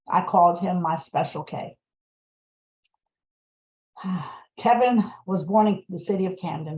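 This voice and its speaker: A middle-aged woman with a lowish voice tells her personal story as a guest speaker, earnest and emotional, pausing often. The audio is muffled, lo-fi video-call sound. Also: a little mellow, roomy sound. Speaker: guest speaker, survivor advocate. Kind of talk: personal testimony.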